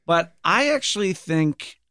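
A man's voice: fairly high pitch, lively intonation, a little slow, sharp tone, clean tone, no echo, studio quality. A man in casual podcast chat, retelling scenes animatedly and acting out bits of dialogue. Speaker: podcast panelist.

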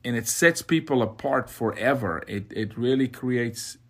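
A man's voice: mid-range voice, measured pace. A man hosting a faith podcast, speaking in an impassioned, exhorting way. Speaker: podcast host.

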